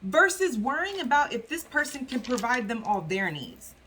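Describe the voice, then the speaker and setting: A woman giving a casual tarot reading to viewers, talking in a loose, chatty way with many fillers. She often slips into quick acted-out voices for the people and spirits she describes. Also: a little high, sing-song, pushed and bright, slight background noise. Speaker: tarot reader.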